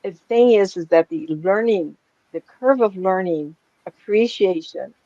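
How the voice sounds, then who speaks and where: A woman's voice: mid-range voice, unhurried, warm tone, no room sound. Chatty older woman, dull dry recording. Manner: rambling, chatty storytelling with frequent laughs. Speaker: psychic medium. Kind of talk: casual talk to a small live group.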